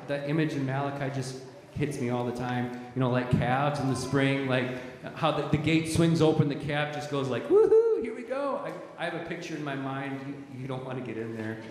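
A man preaching a sermon as pastor, emphatic and repetitive, often restarting his words. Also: fairly high pitch. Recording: echoey hall, strong reverb.

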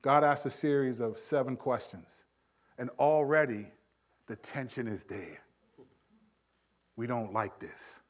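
A middle-aged male pastor preaching a sermon, animated, acting out everyday dialogue as he teaches. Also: medium pitch, takes it slowly, pauses often.

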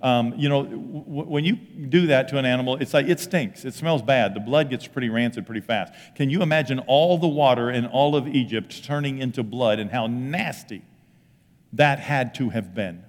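A man preaching a sermon as pastor, in a folksy, conversational way, acting out quick bits of paraphrased dialogue. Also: medium pitch. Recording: long reverb of a large hall.

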